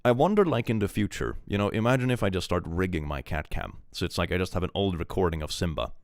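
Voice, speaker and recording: Man, deep voice, lively swinging intonation, playful livestream chat, reacting to viewers. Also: fast talker, no echo, clean studio sound.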